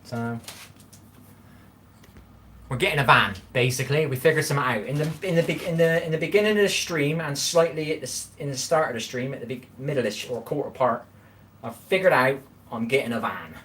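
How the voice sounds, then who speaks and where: Male streamer, mid-pitched, loose and rambling, talking to chat from his kitchen, faint background hiss. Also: brisk, a bit bright. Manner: rambling, chatty, repeats himself, talks straight to viewers. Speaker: livestream host reading chat. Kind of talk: casual live-stream chat while cooking.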